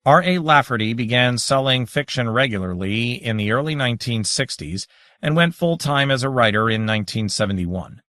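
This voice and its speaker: A man reading an audiobook aloud in measured, dramatic scripted narration. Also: mid-range voice, fairly bright tone, dry recording, clean studio sound.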